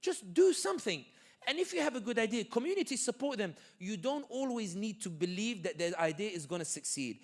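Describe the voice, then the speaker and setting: A man with a high, bright voice gives a lively community talk in a hall. He is animated and joking, with many quick asides as he tells his stories. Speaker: guest speaker.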